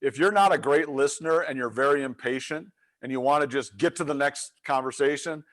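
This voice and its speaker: This leadership coach, a middle-aged man, talks a little fast at a medium pitch. He tells a story in a webinar with plenty of energy and plays out the quoted voices.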